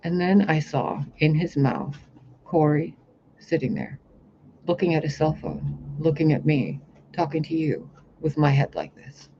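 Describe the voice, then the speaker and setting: Speaking a little slowly in a slightly high voice with lively intonation, a man who does spiritual readings vlogs to camera about a vision. He rambles intensely and swears often, and the camera-mic audio is dull and lo-fi with a faint hiss.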